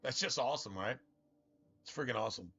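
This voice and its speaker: A man's voice: mid-range voice, fast, gravelly, bright, forceful tone, slightly rough. A young man streaming a video game, chatting casually in a rambling, profane way and stumbling over his restarts. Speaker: gaming streamer. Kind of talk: casual chat over gameplay. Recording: dull lo-fi stream audio with faint game music.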